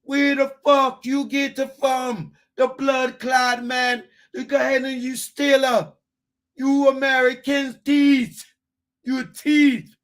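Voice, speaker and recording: High, shouting Jamaican man, as a male comic puts him on, hot-tempered and indignant, slow and drawn out. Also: level tone, exaggerated voice. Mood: outraged. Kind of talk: live comedy rant.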